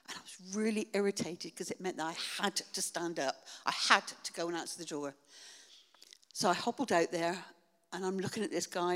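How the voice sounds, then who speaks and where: Older woman, low voice, echoey hall. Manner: earnest, halting storytelling with many ums. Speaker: church member sharing testimony. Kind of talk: personal testimony in church. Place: church hall. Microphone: shared handheld mic.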